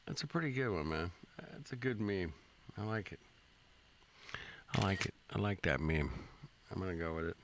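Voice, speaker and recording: Gravelly low-voiced man, laid-back host. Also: fairly bright tone, slight background noise. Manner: laid-back, slangy, talks back to the clips. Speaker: stream host reacting to clips. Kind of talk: casual reaction commentary.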